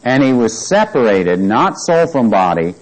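A man's voice: medium pitch, very animated, measured pace, low-quality recording. A man teaching a Bible class, reading scripture aloud and quizzing his listeners with questions.

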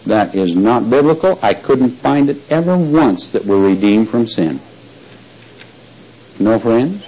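A man preaching a Bible teaching sermon, stressing key words slowly and quizzing the congregation with questions. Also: mid-range voice, expressive, a little mellow, low-quality recording.

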